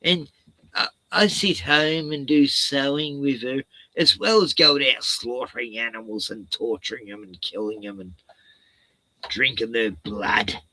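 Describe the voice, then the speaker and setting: A man's voice: mid-range voice, measured pace, sharp tone, no room sound, rough recording. A man voicing a smug, mocking young male shepherd who boasts. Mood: taunting.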